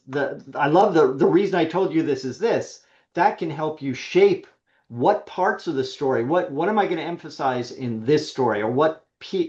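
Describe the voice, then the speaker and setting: A man with a fairly high voice coaching a webinar audience, emphatic and lively, often restarting mid-sentence. He comes through a video call. The audio is muffled and lo-fi. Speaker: webinar presenter. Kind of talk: coaching talk with worked examples.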